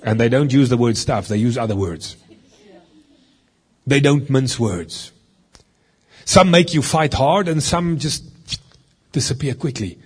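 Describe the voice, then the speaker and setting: A man's voice: mid-range voice, lively intonation, unhurried, pauses often, breathy edge. A middle-aged man, a deliverance minister, giving a teaching sermon in an earnest, conversational way and reading from scripture as he goes.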